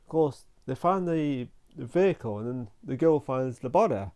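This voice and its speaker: A man giving a casual spoken film review, rambling and halting, often restarting his sentences and filling them with "like". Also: medium pitch, animated, a little mellow.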